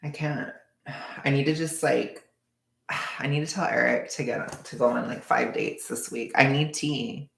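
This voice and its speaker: A livestreamer in casual chat with viewers, knitting a scarf while rambling, full of "like" and quick bursts of laughter. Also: medium pitch, creaky, fairly bright tone, echoey room. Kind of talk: casual live-stream chat.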